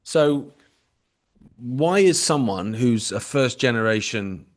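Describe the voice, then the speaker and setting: A man's voice: medium pitch, lively intonation, takes it slowly. A man from Britain co-hosting a podcast, talking in sarcastic, sweary, casual banter. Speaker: podcast co-host. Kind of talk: casual chat.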